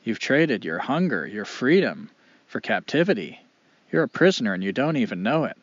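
A man voicing a wise male wolf who speaks slowly and sadly. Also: mid-range voice, sing-song, no room sound, lo-fi sound. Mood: sorrowful. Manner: slow, sorrowful, measured. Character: wise, sad male wolf, calm and grave.

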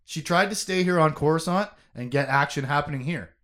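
A man's voice: a little high, brisk, fairly bright tone. A young man co-hosting a podcast, chatting casually about a novel in an emotive, conversational way with plenty of fillers and laughter.

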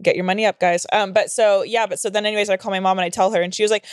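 A woman's voice: mid-range voice, racing, clear, resonant tone, no echo, studio quality. A young woman co-hosting a podcast, telling stories in a casual, profane way and acting out the people she quotes. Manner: animated storytelling with acted-out quotes, profane. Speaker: podcast co-host.

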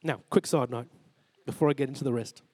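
The forties-aged Australian preacher now sounds medium-pitched, brisk and dark, with a breathy edge and no room sound. In church he earnestly recounts a personal experience, acting out his exchanges with God.

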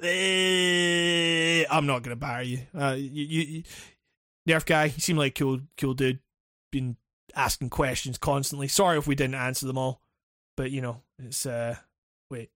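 A man's voice: medium pitch, steady tone, unhurried, bright, forceful tone, no room sound, studio quality. A man co-hosting and editing a podcast over a call, talking in a rambling, swear-filled, laughing way. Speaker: podcast co-host and editor. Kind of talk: casual podcast chat. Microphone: remote call.

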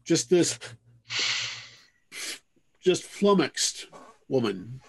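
Husky-voiced man narrating a tabletop game. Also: fairly high pitch, very animated, a little mellow. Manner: drawn-out storytelling with many hedges. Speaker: game master.

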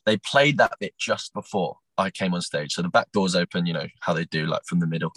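A young man recounting his time as a talent show contestant, animated and acting out what others said, with plenty of restarts. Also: deep voice, brisk, no room sound, low-quality recording. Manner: animated storyteller, acts out quotes, frequent restarts. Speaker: podcast guest, former talent show contestant. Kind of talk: casual interview storytelling.

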